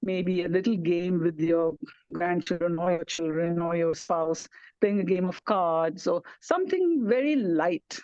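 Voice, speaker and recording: A woman speaking gently and reassuringly from India over a video call, giving wellness advice to elders. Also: fairly low pitch, measured pace, no echo. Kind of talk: online talk to elders. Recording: dull lo-fi video call audio.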